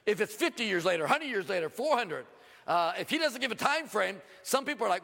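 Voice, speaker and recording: A middle-aged male pastor preaching a sermon, animated, acting out quoted voices with sudden jumps in pitch. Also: fast, gravelly. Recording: long reverb of a large hall.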